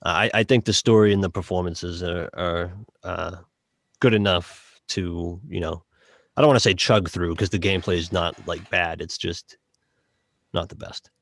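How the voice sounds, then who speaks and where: Low-voiced man with a Boston accent. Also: steady tone, a bit bright, no echo. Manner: halting, many fillers and restarts. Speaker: podcast co-host reviewing a game. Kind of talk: casual chat.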